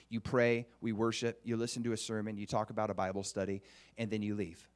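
Earnest man preaching a conversational sermon. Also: fast. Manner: questions the congregation often; earnest, with restarts and lively pitch swings.

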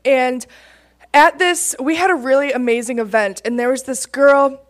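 High-voiced young woman telling a testimony. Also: normal speed. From Michigan, USA. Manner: laughing often, excitable. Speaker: campus ministry team member. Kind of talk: personal testimony storytelling.

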